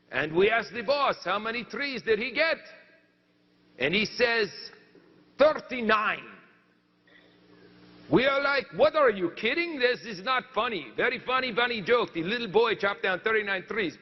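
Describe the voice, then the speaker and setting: Man plays a bragging French woodcutter with a put-on French accent and a high voice. He pauses to hunt for words. Dull, echoing stage sound. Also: animated, full character voice. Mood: storytelling. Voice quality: halting, searching for words. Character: boastful French lumberjack man, storyteller. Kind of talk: comic monologue in character.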